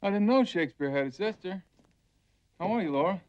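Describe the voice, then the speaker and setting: A cocky young man in a 1950s film, breezy and joking, with a slightly high voice. The sound is dull, like an old film soundtrack. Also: lively intonation, brisk, a little hiss or hum. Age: young adult. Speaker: gentleman caller.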